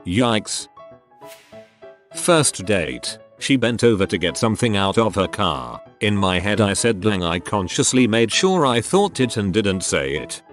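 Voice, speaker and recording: A man with a fairly low voice reads short funny stories aloud, his pitch rising and dipping with each line. Faint music plays softly behind him. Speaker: narrator reading online posts. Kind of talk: scripted narration.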